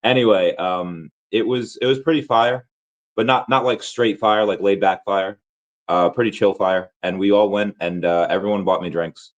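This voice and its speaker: A man with a hoarse, worn-out voice, chatting casually and rambling with many restarts and fillers as a crypto vlogger. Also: lowish voice, normal speed, highs cut off. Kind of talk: casual chat.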